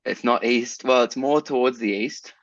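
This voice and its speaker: A relaxed man co-hosting a podcast, talking in easy, teasing banter. His voice sits mid-range, and the sound is dry and a little dull, like a lo-fi home recording. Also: mid-range voice, normal speed, dry recording. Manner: laid-back, playful, teasing. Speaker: podcast co-host. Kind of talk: casual chat.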